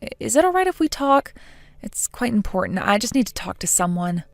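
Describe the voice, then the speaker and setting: A woman's voice: mid-range voice, very animated, fairly quick, vocal fry, no echo, clean studio sound, soft background music. A woman playing an indignant, hurt young bride who speaks in an exasperated way. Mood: subdued.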